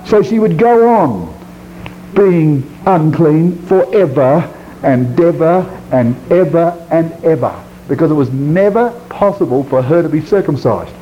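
A high-pitched man preaching with a very lively, swooping voice. He hammers key words and then sinks low and quiet, stretching out scripture lines slowly. The recording is dull and lo-fi with a faint hiss underneath. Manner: emphatic, swings from loud high stresses to low quiet drops, drawn-out scripture reading. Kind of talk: sermon.

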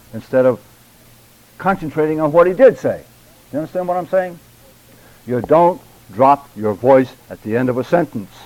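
An older man teaching a church public speaking class, deliberate and emphatic, addressing his students directly. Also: medium pitch, highs cut off.

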